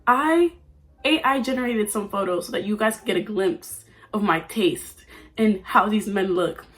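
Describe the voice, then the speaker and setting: Under a ring light at home, a nineteen-year-old woman vlogs in casual chat, playful and prone to oversharing. Her voice sits at medium pitch and moves at a normal speed.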